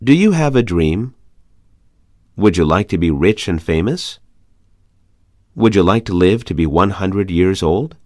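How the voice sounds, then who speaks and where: A man with a fairly low voice reads conversation practice questions for an English lesson at a steady pace. His intonation rises and falls in a lively way on each question. The recording is dry and close. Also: no room sound. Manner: measured, evenly paced question reading. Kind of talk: reading practice questions aloud.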